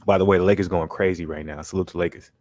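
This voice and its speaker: A man's voice: deep voice, steady tone, darkish tone. A young man hosting a live stream, chatting casually in slang and talking through made-up scenarios for his chat. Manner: laid-back, slangy, keeps saying "you know what I'm saying" and "man"; talks through made-up scenarios, voicing friends in quick quotes. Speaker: livestream basketball commentary host.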